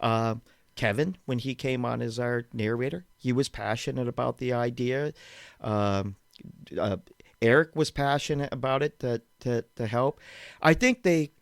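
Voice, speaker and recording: A man telling a story as a podcast guest, animated and laughing often, repeating words as he goes. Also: medium pitch, measured pace, gravelly, no echo. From Western Massachusetts, USA. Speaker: guest, documentary filmmaker. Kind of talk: casual anecdote telling in a podcast interview.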